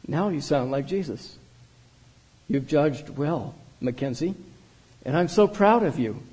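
A man voicing a calm, unrelenting wise woman who speaks in a measured way, without emotion. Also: on the high side, breathy edge, poor audio. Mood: tender.

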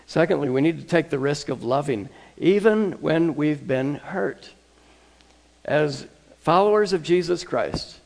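Brief: a male pastor preaching casually, with repeated words and quiet emphatic endings. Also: mid-range voice, vocal fry. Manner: conversational, repeats words, drops to soft emphasis. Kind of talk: sermon.

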